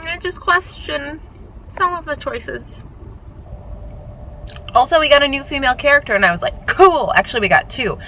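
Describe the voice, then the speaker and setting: A woman's voice: sits high, expressive, normal speed, pauses often, bright, forceful tone, poor audio. A young woman chatting casually and gushing about her books in a vlog, recorded in a car. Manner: chatty, gushing, self-mocking. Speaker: book vlogger. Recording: car noise behind. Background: car road noise.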